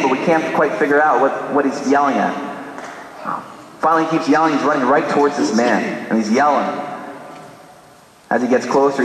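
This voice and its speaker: A man's voice: mid-range voice, fairly bright tone, a little hiss or hum. A man preaching a sermon, telling a dramatic story and acting out the dialogue. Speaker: priest. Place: large church. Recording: echoey church from a distance.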